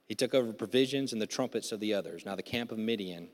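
A man preaching a sermon, telling a Bible story in animated, casual slang and acting out its voices. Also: on the low side, fast. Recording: long reverb of a large hall.

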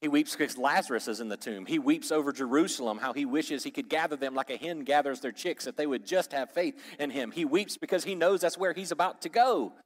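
A man's voice: fairly high pitch, fairly quick, few pauses. Man preaching in a reverberant hall. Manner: conversational, asks the audience questions, jokes. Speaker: pastor or Bible teacher. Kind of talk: teaching sermon.

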